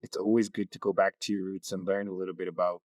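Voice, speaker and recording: A man's voice: deep voice, flat delivery, quick pace, a little mellow, no room sound. A man, a community knowledge keeper, talking easily in an interview and telling stories. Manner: easygoing storyteller. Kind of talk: casual interview talk.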